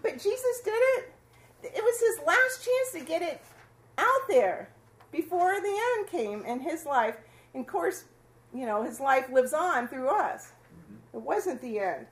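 A woman casually teaching a Bible passage to a small fellowship group, chatty and quick to laugh with them. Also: sits high, animated. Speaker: Bible study leader.

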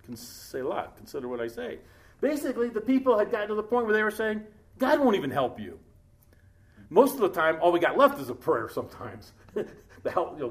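A man's voice: high-pitched, very animated. Chatty, joking man preaching a sermon. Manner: conversational, joking, reads scripture aloud slowly. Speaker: pastor. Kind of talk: sermon, Bible study.

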